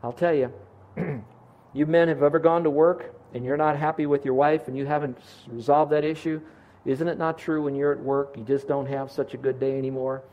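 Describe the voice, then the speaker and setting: A man's voice: on the high side, fairly even intonation, moderate pace, highs cut off. A middle-aged man preaching a sermon as a pastor, earnest and asking his congregation questions.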